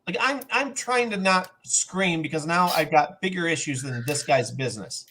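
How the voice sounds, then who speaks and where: A man's voice: fairly high pitch, expressive, normal speed, few pauses, pushed and bright. A middle-aged man telling a long personal story on a podcast, acting out the other people's lines as he goes. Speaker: podcast co-host. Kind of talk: casual storytelling.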